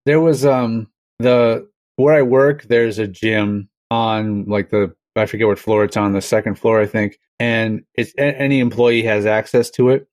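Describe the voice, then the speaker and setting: A man's voice: lowish voice, fairly even intonation, unhurried, hardly any pauses, a little mellow, no room sound. A man co-hosting a casual podcast, speaking hesitantly with many ums and restarts and chuckling often. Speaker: podcast co-host.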